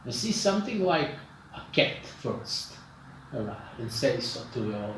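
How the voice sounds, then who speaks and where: A man narrating a tabletop game as dungeon master, unhurried and searching for words, recorded far off in an echoey room. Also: mid-range voice, very animated, fairly bright tone, slight background noise. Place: local gaming shop.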